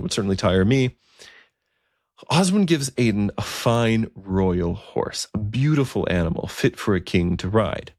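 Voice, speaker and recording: A man narrating a historical story in a conversational, unhurried way with occasional fillers. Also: on the low side, a little mellow, dry recording, studio quality.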